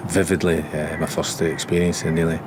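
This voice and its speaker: A former footballer earnestly recalling an embarrassing first day in an interview. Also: male voice, rumbling low, little pitch movement, brisk, noisy background. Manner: earnest, self-deprecating. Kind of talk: reflective interview.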